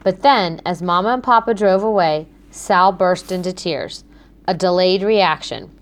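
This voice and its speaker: A woman narrating a children's book in a clear, measured storytelling manner. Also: on the low side. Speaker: audiobook narrator.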